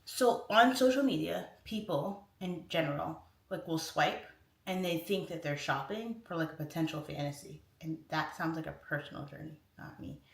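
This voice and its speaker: A woman's voice: deep voice, moderate pace, gravelly, recorded from a distance. A woman livestream host from Tacoma, chatting candidly and reading viewer comments from her kitchen, laughing often. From Tacoma, Washington, USA. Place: home kitchen. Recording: roomy echoey kitchen.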